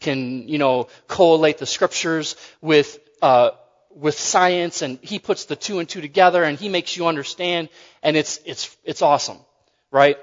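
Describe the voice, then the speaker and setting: A man with a slightly higher voice preaches in a relaxed, joking way, often restarting his phrases. His voice carries a long reverb from a large hall, and the sound is somewhat dull. This is a casual sermon delivery. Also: a little slow.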